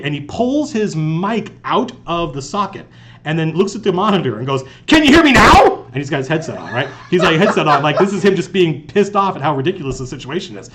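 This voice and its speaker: A man's voice: fairly high pitch, a little hiss or hum. A man hosting a live stream in an office conference room, talking casually and telling stories with lots of restarts, recorded on a lapel mic. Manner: animated, rambling storyteller with many restarts. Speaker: game master and host.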